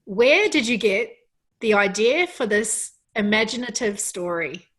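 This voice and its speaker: A woman's voice: mid-range voice, lively intonation, unhurried, fairly bright tone, poor audio. A woman interviewing an author, enthusiastic and full of compliments. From Australia. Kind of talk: interview hosting.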